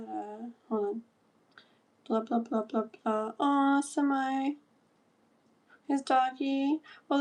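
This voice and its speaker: A woman's voice: on the high side, warm tone. A woman in her thirties hosting a casual livestream, chatting and giggling while reading comments aloud. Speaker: livestream tarot host.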